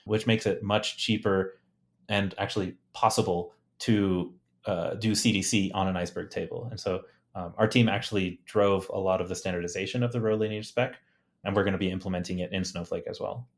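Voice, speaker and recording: The guest engineer speaks in a low, steady voice at a fairly quick clip. He chats casually and eagerly about his technical work, with plenty of fillers, restarts, and light laughter.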